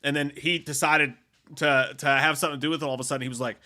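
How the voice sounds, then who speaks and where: Man, casual chat, profane rambling anecdotes, bright forceful tone, slightly high pitch. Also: little pitch movement, fast talker. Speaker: podcast co-host.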